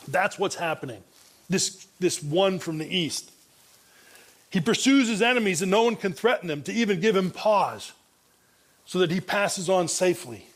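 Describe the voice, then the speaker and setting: A male pastor preaching an expository sermon, reading and comparing Bible translations, often restarting his phrases. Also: high-pitched. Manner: frequent restarts and repeated words.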